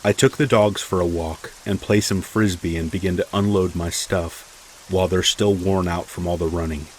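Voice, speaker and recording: Deep guy reading a scary true story, calm and steady, quiet rain behind. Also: moderate pace, a little hiss or hum, low-quality recording. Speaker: horror story narrator. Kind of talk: scripted first-person horror narration.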